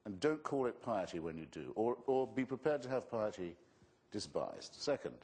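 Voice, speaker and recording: A man with a husky, fairly low voice answers a question from the floor. He argues with sardonic wit and forceful rhetoric. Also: very animated, normal speed. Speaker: author and debater. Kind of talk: debate answer to audience question.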